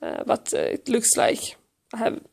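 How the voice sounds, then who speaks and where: A hoarse woman with a Swedish accent, lying on her couch at home with a cold, chatting casually to the camera and baby-talking to her cat in a rambling, self-mocking way. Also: fairly high pitch, wildly swooping pitch, unhurried, a little mellow. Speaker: vlogger filming her cat.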